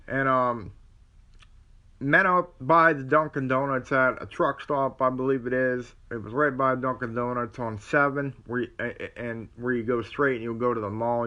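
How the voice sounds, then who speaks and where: A man's voice: mid-range voice, sharp tone, muffled recording. A man, telling a personal story to camera in a rambling way, acting out what others said. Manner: rambling, with many restarts and quoted dialogue. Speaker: vlogger.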